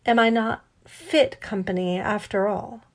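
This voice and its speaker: A woman voicing a suave, polite male robot with a sonorous voice and a light Italian accent, speaking with gentle formality. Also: medium pitch, measured pace, close to an everyday voice.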